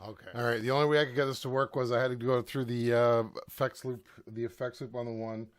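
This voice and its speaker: A man's voice: medium pitch, little pitch movement, quick pace. A man talking casually in a home recording vlog, thinking aloud as he demonstrates his gear at his desk.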